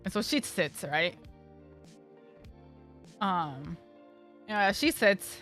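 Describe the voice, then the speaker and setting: A woman's voice: medium pitch, lively intonation, extremely slow, fairly bright tone, faint music behind. A young woman streamer telling a casual story, rambling with lots of fillers and swearing freely.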